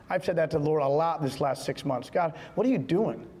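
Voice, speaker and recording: Pastor guy preaching hard, high voice, lots of repeating, big hall echo. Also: normal speed, a little mellow, a little hiss or hum. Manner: impassioned preaching with emphatic repetition. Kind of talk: sermon. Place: church sanctuary.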